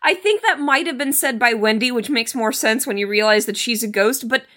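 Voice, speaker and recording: A woman co-hosting a podcast in casual chat, animated and incredulous as she reads from her notes. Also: a little high, a little fast. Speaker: podcast co-host.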